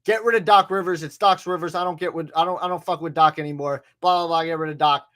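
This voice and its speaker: A man's voice: fairly high pitch, steady tone, fast talker, a bit bright. A man co-hosting a sports podcast, talking casually and animatedly, acting out quotes and swearing freely. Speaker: podcast co-host.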